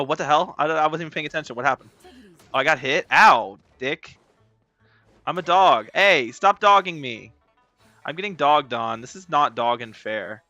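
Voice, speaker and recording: Male game streamer, bright tense voice, dry dull lo-fi sound, playful, rambling, swears, yells when excited. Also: fairly high pitch, no echo. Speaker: gaming streamer. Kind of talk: casual live gameplay commentary.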